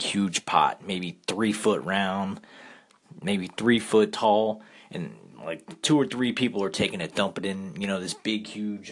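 A man's voice: sits low, a bit bright. A man casually telling a rambling personal story, full of restarts and fillers. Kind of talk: casual anecdote.

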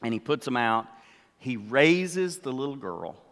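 An older man preaching a sermon, telling the story slowly and acting out what the characters say. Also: mid-range voice, big pitch swings, fairly bright tone, big-room sound. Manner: slow storytelling, acts out the characters' words. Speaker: pastor.

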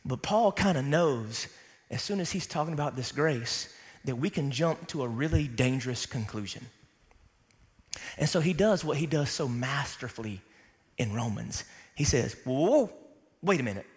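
A man's voice: mid-range voice, animated, normal speed, big-room sound. A man preaching a sermon to a congregation, emphatic and calling out for responses. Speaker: pastor.

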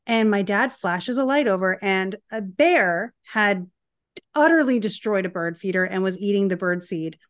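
A woman's voice: mid-range voice, animated, moderate pace, no room sound, clean studio sound. A woman in her thirties co-hosting a podcast, telling a story in a chatty, rambling way with asides. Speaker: podcast co-host. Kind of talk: casual chat, storytelling.

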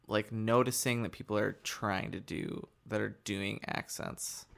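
A young man co-hosting a podcast in casual chat, chatty and quick to joke. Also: on the low side, steady tone, gravelly, a bit bright. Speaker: podcast co-host.

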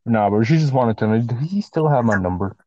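A young man cutting into a friend's story with loud, teasing remarks in casual chat. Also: mid-range voice, lively intonation, brisk, slight background noise. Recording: dull, lo-fi mic, a bit distant.

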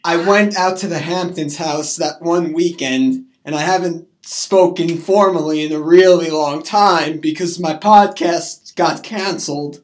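A man rambling through an absurd comic monologue, swinging from mumbles to yells. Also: on the high side, steady tone, a little slow, hardly any pauses.

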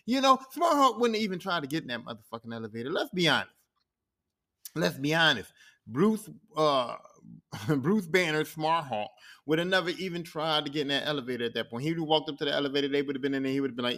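A man hosting a podcast, recapping a TV series in casual, profane talk and acting out the characters in quick impressions. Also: on the high side. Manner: animated, swears freely, acts out characters in quick impressions. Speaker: podcast host.

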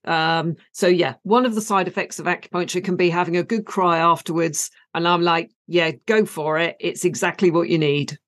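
Calm British woman explaining step by step. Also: fairly low pitch, normal speed, hardly any pauses. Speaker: acupuncturist, guest. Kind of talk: explanatory interview answer.

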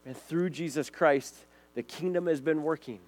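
A man's voice: on the high side, moderate pace, a little mellow. Earnest male pastor preaching. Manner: earnest preaching, reading scripture aloud. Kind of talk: sermon.

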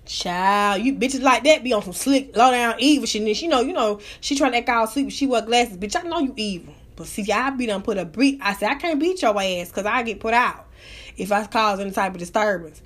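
A woman live-streaming, telling a story as a loud, profane, animated rant. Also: a little high, brisk. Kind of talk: casual ranting storytelling.

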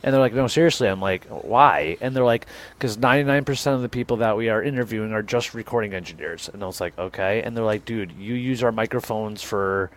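A man's voice: on the low side, fast. A young man co-hosting a podcast, telling a rambling, self-deprecating story and acting out both sides of the conversation. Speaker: podcast co-host. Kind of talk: casual storytelling chat.

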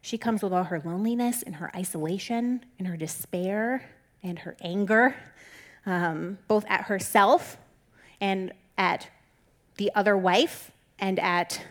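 Candid, conversational woman teaching the Bible. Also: mid-range voice. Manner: conversational and candid, with frequent "like" fillers; encouraging and reassuring.

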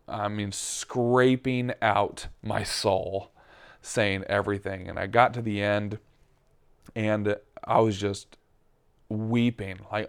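A man preaching, sharing a candid personal testimony in a reflective, halting way. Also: on the low side, clear, resonant tone.

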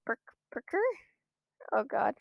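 A woman streams her own gameplay at a computer, giving live commentary and ranting in frequent exasperated outbursts. She speaks slowly, and the lo-fi audio has no echo.

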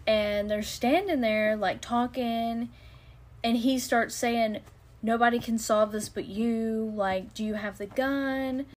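A woman's voice: on the high side, fairly even intonation, slow pace, darkish tone. A woman co-hosting a casual chat, recapping a movie in a chatty way with frequent laughs. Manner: chatty, laughing often, many fillers. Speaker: co-host reviewing a movie.

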